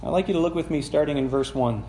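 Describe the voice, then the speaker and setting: A man's voice: fairly high pitch, fast talker, mellow, roomy sound, a little hiss or hum. A man preaching a sermon, reading scripture aloud and explaining it in a conversational way, asking the congregation questions as he goes. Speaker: pastor. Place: church sanctuary.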